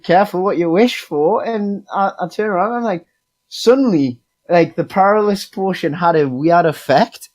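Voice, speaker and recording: A man's voice: high voice, moderate pace, a little mellow, poor audio. A young man on a casual podcast, rambling through a story of running a tabletop game, full of fillers and swearing. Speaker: podcast co-host, game master. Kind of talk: casual chat.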